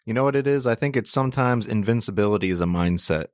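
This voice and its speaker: A man with a very deep voice hosts a casual podcast chat. He offers thoughtful, measured remarks between his guest's stories. The recording is dry, with no room sound. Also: expressive, no echo, faint music behind. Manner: measured, reflective comments. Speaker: podcast host.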